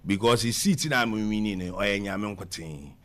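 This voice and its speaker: A man, answering questions in an animated conversational interview and mixing English with Twi. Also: fairly low pitch, normal speed. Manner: mixes English with Twi, talks over the interviewer.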